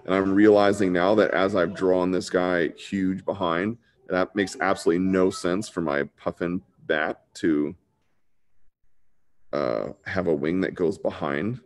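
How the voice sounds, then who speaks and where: Man, drawing teacher, casual online lesson, very deep voice, gravelly fry, laid-back. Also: steady tone, unhurried. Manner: laid-back and chatty, says dude a lot. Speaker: drawing instructor.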